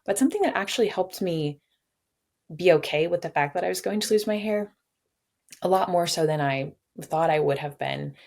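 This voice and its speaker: A woman's voice: lowish voice, animated, moderate pace, vocal fry, darkish tone. A young woman telling her own story in an interview, open and reflective, with light laughs and playful quoted voices. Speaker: patient sharing her story. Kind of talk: candid interview.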